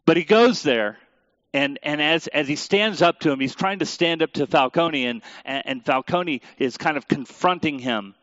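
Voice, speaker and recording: A man's voice: on the high side, normal speed, fairly bright tone, no echo, highs cut off. A man preaching a sermon in a conversational way, with joking asides to the congregation. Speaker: pastor.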